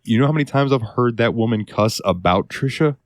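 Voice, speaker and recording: A man's voice: medium pitch, lively intonation, a little fast, no echo, studio quality. A man co-hosting a podcast, telling a work story in casual chat, swearing freely and acting out what others said. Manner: storytelling with swearing, acts out quotes. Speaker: podcast co-host.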